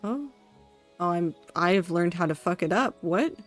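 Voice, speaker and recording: A woman streaming herself building in a game, thinking aloud, talking to herself and her chat, quickly excited and dramatic. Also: on the low side, faint music behind. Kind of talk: casual live-stream commentary while building in a game.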